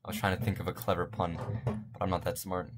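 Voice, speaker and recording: A man's voice: deep voice, little pitch movement, fast, noisy background. A young man casually commenting on a game from his bedroom, rambling and making self-deprecating jokes. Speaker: let's play gamer.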